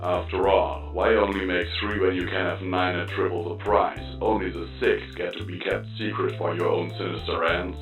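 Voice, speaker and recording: A man's voice: low-pitched, little pitch movement, normal speed, hardly any pauses. A man voicing a wry, matter-of-fact male contact speaking through a battered robot with a mechanical, staticky sound, in an audiobook. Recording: dull lo-fi, roomy, music behind.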